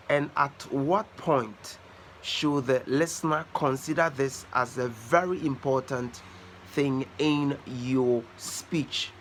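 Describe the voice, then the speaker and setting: A man teaching conversation skills in an instructional talk, slow and deliberate, leaning on key words for stress. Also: fairly high pitch, a little hiss or hum. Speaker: communication teacher.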